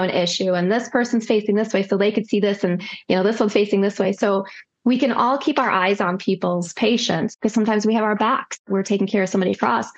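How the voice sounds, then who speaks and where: Woman nurse telling stories, plays out all the dialogue, kinda dull lo-fi sound. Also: medium pitch. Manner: lively, acts out quoted dialogue. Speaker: nurse practitioner. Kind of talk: casual storytelling.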